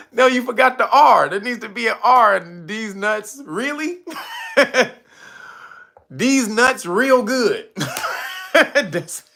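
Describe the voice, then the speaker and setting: A man's voice: sits high, vocal fry, sharp tone. A livestream host reading out his chat, laughing constantly, loose and profane.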